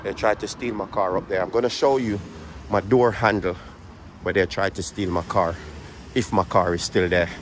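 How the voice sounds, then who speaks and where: Low-voiced brummie guy walking and vlogging on his phone, a bit out of breath, faint traffic behind. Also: fairly even intonation, moderate pace. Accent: Birmingham English. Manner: chatty, joking, repeats phrases. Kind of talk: walking vlog, casual chat to camera. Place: outdoors on city streets.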